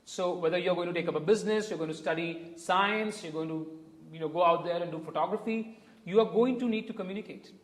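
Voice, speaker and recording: A man's voice: high voice, quick pace. A man with an Indian English accent, a communication coach explaining ideas emphatically with spoken examples. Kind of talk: interview answers, explanatory. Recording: echoey room with long reverb.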